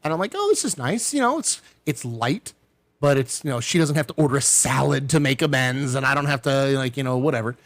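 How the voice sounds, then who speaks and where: A middle-aged man telling a long personal story in casual chat, acting out the people he quotes with big jumps in pitch. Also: fairly quick, fairly bright tone, no room sound. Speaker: podcast guest.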